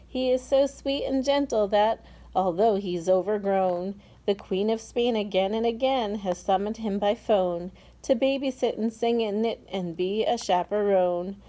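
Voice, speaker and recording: A woman voicing a cheerful, eager young boy who greets a crowd and recites rhymes in a bright, sing-song way. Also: mid-range voice, measured pace, natural voice.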